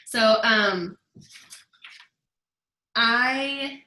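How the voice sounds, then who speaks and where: A woman's voice: fairly high pitch, very slow, pushed and bright. A woman in her thirties giving a chatty, emphatic motivational book talk to her team. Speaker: team leader. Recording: echoey room.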